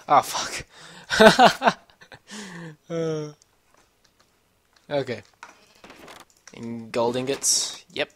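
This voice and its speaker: A man's voice: mid-range voice, big pitch swings, slow pace, pauses often, a bit bright. A man giving casual, rambling commentary over a video game at home, swearing often and talking to himself as he plays. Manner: rambling, swears a lot, talks to himself while playing. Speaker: gameplay commentator. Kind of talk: casual let's-play commentary. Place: home room with a computer.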